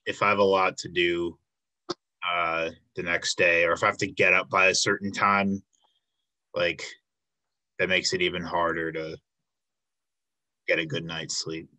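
Bright-voiced man hosting an interview. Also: deep voice, little pitch movement, a little slow, long pauses. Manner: friendly, filler-heavy questions. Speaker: podcast host.

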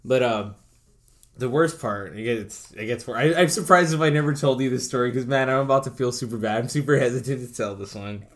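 A man's voice: mid-range voice, brisk. A man in his thirties telling a story in a casual chat, swearing freely and laughing as he goes. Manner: profane, laughing through the story.

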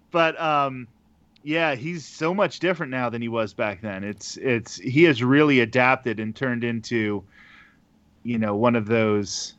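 A man's voice: medium pitch, a little slow, no echo. Radio guy chatting easy, bit muffled and lo-fi, dry close sound. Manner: relaxed, laughs between points. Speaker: radio broadcaster guest. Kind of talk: casual conversational interview.

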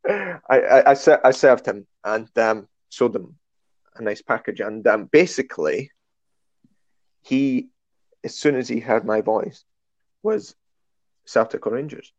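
A Scottish man in casual conversation, animated and self-deprecating as he tells his stories. His voice sits at an ordinary pitch. The sound is dry and a little dull, as if close to a modest microphone. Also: measured pace, pauses often, no echo. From Scotland. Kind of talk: casual chat.

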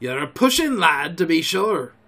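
A man's voice: fairly high pitch, very animated, normal speed, sharp tone, full character voice. A man voicing a cool, insolent older male pirate in a storybook reading. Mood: coolly insolent.

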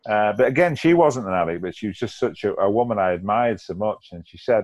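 Man, middle-aged, frank, reflective, lowish voice, muffled lo-fi sound. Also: expressive, fast talker, hardly any pauses, darkish tone. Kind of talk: casual conversation. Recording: dull lo-fi sound.

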